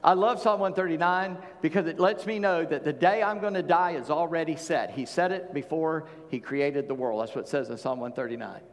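A man's voice: fairly high pitch, fairly quick, hardly any pauses, big-room sound. A man preaching a sermon in a folksy, conversational way, with plain-spoken asides to his congregation. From Charleston, South Carolina. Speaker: pastor.

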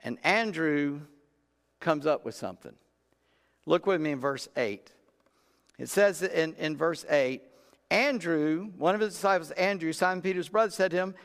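A man's voice: a little high, moderate pace, a bit bright, clean tone. A man preaching a sermon in a folksy, conversational way, acting out Bible characters in everyday talk. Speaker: pastor. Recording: long reverb of a large room.

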